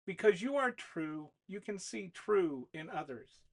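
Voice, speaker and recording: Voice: medium pitch, animated, a little slow. A narrator voicing a loving, tender mother at her child's bedside. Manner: tender, soft-spoken.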